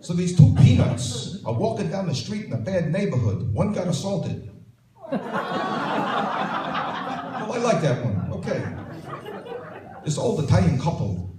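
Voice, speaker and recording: A man's voice: high voice, sing-song, measured pace, pauses often. A man telling one-liner jokes on stage as an impression of a famous comedian, with punchy asides to the audience. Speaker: stand-up comedian. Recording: roomy sound from a distant mic with faint noise.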